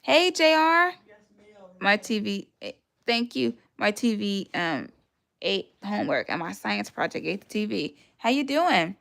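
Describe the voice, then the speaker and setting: Lady on a livestream, chatty and laughy, bit of gravel in her voice. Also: medium pitch, lively intonation, measured pace, a bit bright. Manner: chatty, laughs often, greets viewers by name; retells conversations in put-on voices. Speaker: livestream host. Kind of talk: casual livestream chat.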